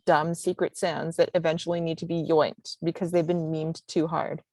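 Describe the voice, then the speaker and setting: A woman's voice: deep voice, little pitch movement, moderate pace, background noise. A woman on a marathon team, talking in a playful, emphatic way during a casual panel Q&A.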